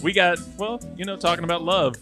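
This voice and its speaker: A man's voice: sits high, a little fast, music in the background. A man hosting a sports podcast in upbeat, teasing banter. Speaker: podcast host.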